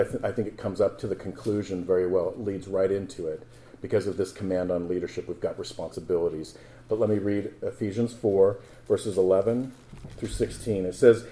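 Dark-voiced pastor preaching to his congregation. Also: lowish voice. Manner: conversational preaching, rising to emphatic scripture reading. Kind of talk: sermon.

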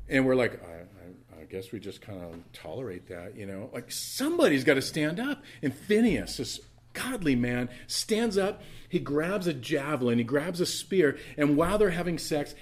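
Man, pastor, sermon, husky voice, animated storyteller, church. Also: fairly high pitch. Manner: animated storytelling, acting out characters.

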